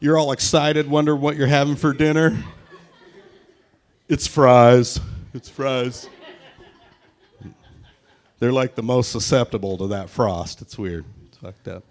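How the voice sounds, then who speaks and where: A man's voice: mid-range voice, steady tone, a little fast. Brash, profane male stand-up comic. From Pacific Northwest, USA. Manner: crude, brash, profane, punchy delivery. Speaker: stand-up comedian. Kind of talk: stand-up set with crowd work. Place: brewery, live audience.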